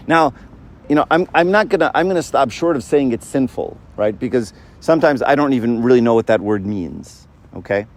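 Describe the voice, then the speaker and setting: A man's voice: mid-range voice, darkish tone. A middle-aged man giving a casual faith talk to young people, talking conversationally, often tagging on "right?" and acting out quoted voices. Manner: conversational, keeps asking "right?".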